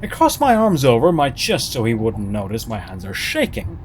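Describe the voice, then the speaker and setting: A man narrating a horror story, his pitch leaping up and down with dramatic, sarcastic flair. His voice sits in a middling register, with a faint hum of ambient noise behind it. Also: huge pitch swings, normal speed. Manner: dramatic, sarcastic, swooping intonation. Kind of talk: reading a first-person horror story.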